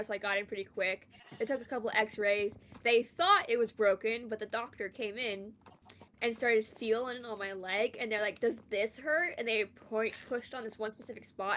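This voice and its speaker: A woman's voice: on the high side, a bit bright, a little hiss or hum. A young woman from Canada telling a long rambling story in casual chat while gaming, full of fillers. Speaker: streamer.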